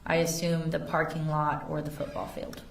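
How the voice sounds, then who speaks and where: A woman's voice: sits low, level tone, normal speed, vocal fry, a little hiss or hum. A woman testifying as an investigator in a courtroom, carefully reading text messages aloud. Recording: echoey courtroom audio from far off.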